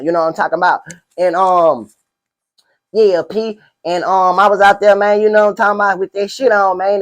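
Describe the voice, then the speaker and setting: A man's voice: high-pitched, natural voice. A man playing a boastful streetwise pimp in a spoof interview, rambling in slang and constantly asking "you know what I'm saying". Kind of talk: comedic parody interview.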